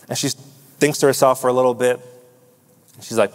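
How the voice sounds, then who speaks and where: A man preaching a sermon as pastor, telling a story with quoted dialogue and slowing down to stress key words. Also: mid-range voice, lively intonation. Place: large church sanctuary. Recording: long hall reverb.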